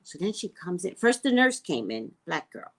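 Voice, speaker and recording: A woman who works as a psychic, telling a story in a casual, profane way and swinging between loud and hushed. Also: on the low side, sing-song, moderate pace, background noise.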